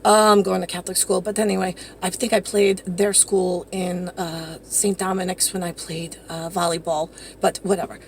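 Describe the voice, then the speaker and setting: A woman's voice: lowish voice, flat delivery, moderate pace, few pauses, a little hiss or hum. A woman talking in a rambling, profane monologue that jumps from topic to topic.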